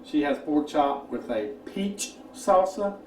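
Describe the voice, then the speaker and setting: A man hosting a home cooking show, chatting in a folksy, relaxed way while tasting his dish. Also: on the high side, slow pace, a little hiss or hum. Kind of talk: casual cooking chat. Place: home kitchen. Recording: roomy kitchen, mic at a distance.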